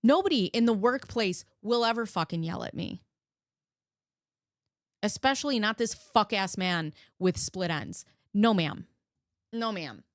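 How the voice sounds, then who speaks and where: A woman's voice: medium pitch, animated, a little slow, dry recording, clean studio sound. A woman hosting a live reaction stream, talking bluntly and sarcastically and swearing freely. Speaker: host reacting to video clips. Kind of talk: casual live reaction commentary.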